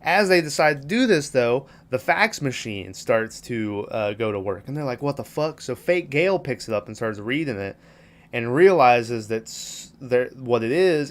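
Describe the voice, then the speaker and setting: Rambling, cursing podcast host, a man. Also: mid-range voice. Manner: profane, rambling retelling with quoted lines. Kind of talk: casual movie recap.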